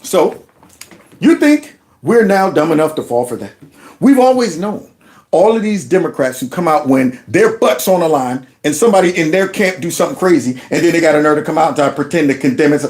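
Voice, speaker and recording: A man reacting to clips on his channel, indignant and stumbling through repeated words. His voice sits high and swings widely as he talks. He sounds worked up about what he has just heard. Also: expressive, a little fast, a little mellow. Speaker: commentary host. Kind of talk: reaction commentary.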